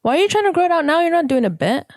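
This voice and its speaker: A woman's voice: very high-pitched, sing-song, racing, no room sound, studio quality. A woman hosting a podcast in casual banter, teasing and blunt, swearing often. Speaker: podcast host. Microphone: close podcast mic.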